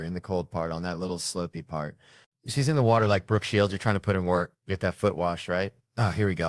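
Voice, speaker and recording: Male stand-up comedian, lowish voice, dry close sound, animated storytelling. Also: no room sound. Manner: animated storytelling, acting out family members.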